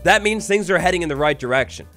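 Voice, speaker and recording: Animated high-voiced young gaming commentator. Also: male voice, quick pace, faint music behind. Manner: animated, playful, talks to mobs, bursts into excited yelps. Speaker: gaming YouTuber. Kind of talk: Minecraft let's play commentary.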